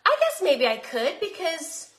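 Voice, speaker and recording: A woman's voice: very high-pitched, huge pitch swings, measured pace, fairly bright tone, reverberant. A woman with a Southern accent chatting casually as she cooks in her home kitchen, talking to her viewers. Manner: chatty, bubbly, talks while cooking. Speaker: cooking vlogger. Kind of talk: casual cooking chat.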